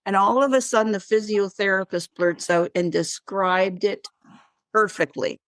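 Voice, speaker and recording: With a mid-range voice at a moderate pace and no room sound, a female wellness practitioner shares anecdotes during an interview. She tells them animatedly, performing the dialogue herself.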